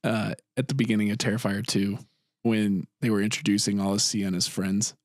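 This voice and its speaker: A man's voice: on the low side, level tone, brisk, dry recording, studio quality. A man co-hosting a horror podcast, talking casually and animatedly with frequent laughs. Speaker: podcast co-host. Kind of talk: casual chat.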